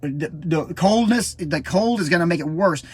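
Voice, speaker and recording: A middle-aged man telling a personal story as a parent, halting and full of restarts, acting out the quotes. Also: a little high, expressive, a little mellow, husky. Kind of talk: casual spoken storytelling.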